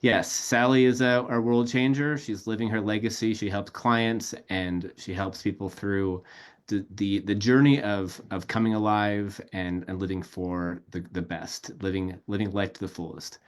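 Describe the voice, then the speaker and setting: A man's voice: fairly low pitch, fairly even intonation, normal speed. A man hosting an interview, who talks in a loose, rambling way with lots of restarts. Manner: rambling, filler-heavy, many restarts. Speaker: podcast host. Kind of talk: casual interview chat.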